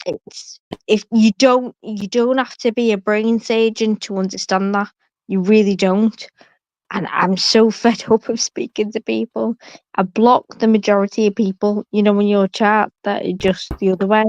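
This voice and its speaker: A woman's voice: medium pitch, steady tone, moderate pace, dry recording. A woman calling into a live stream in a heated debate, swearing freely and talking over the host, heard over a call line. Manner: fiery, swearing, talks over others. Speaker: caller. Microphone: remote call. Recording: dull lo-fi call audio.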